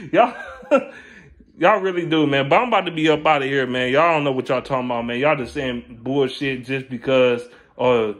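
A man's voice: mid-range voice, a bit bright. A man delivering an angry, profane sports rant as a vlogger, repeating himself as he argues. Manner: angry, profane, repetitive ranting. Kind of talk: ranting to camera.

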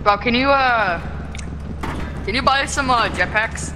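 A man joking in a deadpan way while playing a game in casual voice chat with friends. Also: very high voice, measured pace. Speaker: fellow player. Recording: very echoey, noisy game chat.

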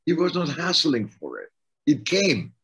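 A man's voice: on the high side, huge pitch swings, measured pace, fairly bright tone, slightly rough, rough recording. A middle-aged man with a German accent, a coach talking casually and stressing his points by repeating them. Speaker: life coach, co-host. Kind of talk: casual conversational coaching talk.

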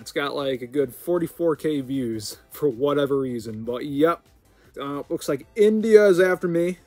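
An American man hosting a gaming channel, rambling through casual gameplay commentary with sudden loud outbursts. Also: on the high side, expressive, a little fast, no echo, faint music behind. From United States.

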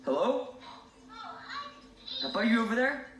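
A man's voice: very high-pitched, big pitch swings, measured pace, fairly bright tone, a little hiss or hum. A man filming a spooky vlog, talking jumpily to his viewers and calling them guys. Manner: jumpy, addresses viewers as guys. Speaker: video creator. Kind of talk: scripted haunted-doll vlog. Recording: roomy, distant, music underneath.

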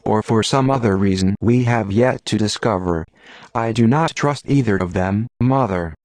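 A man's voice: fairly low pitch, moderate pace, darkish tone, dry recording, natural voice. A man voicing a proud, hostile young prince who talks scornfully and accuses, in an audiobook.

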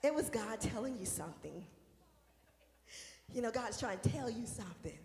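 A woman minister preaching a sermon, shouting and singing out praise at times and dropping to a soft, talking tone at others. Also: fairly high pitch, lively intonation, moderate pace, echoey room, in a large hall. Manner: shouts and sings out praise, then drops to a soft conversational tone.

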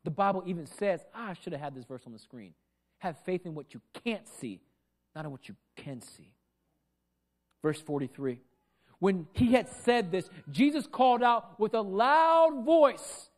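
A man preaching a sermon as pastor into a microphone in a church, with a loud, projecting voice that swings between big declarations and soft asides. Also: a little high, animated, moderate pace, long pauses. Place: church sanctuary.

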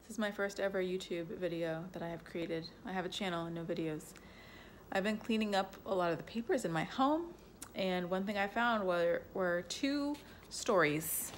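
A woman at home reading a bedtime story aloud, gentle and casual, with asides to the listener. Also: lowish voice, moderate pace, slight background noise.

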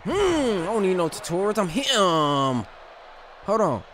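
A man giving loud, trash-talking live commentary while playing a wrestling game. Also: high-pitched, big pitch swings, a little slow, crowd noise. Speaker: gaming channel host.

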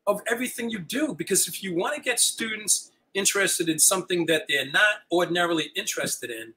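An older man, a retiring high school teacher, telling stories as an interview guest and acting out the dialogue. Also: a little fast, slight background noise, low-quality recording. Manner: animated, acts out quoted dialogue. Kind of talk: storytelling chat.

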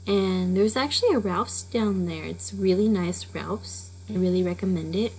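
A woman's voice: medium pitch, darkish tone, breathy edge, rough recording. A woman hosting a storytelling channel, giving a rambling, casual spoken intro with many fillers. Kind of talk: casual chatty intro to a reading.

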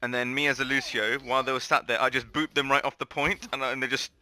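A man chatting casually in game voice chat, animated and dryly funny, swearing freely. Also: medium pitch, quick pace. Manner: animated, swearing, dry humour. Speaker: gamer in voice chat.

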